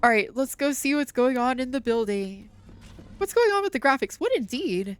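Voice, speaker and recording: A woman's voice: sits high, expressive, normal speed, clear, resonant tone, soft background music. A woman streaming a game, recapping the story in casual chat with loose swearing and quoted bits of dialogue. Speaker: VTuber streamer. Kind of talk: casual gameplay commentary.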